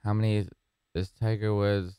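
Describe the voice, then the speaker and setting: Smooth-voiced joking male comedian. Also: fairly low pitch, level tone, moderate pace, warm tone, no echo. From San Diego area, USA. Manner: joking, self-mocking. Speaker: comedian guest. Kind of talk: casual podcast chat.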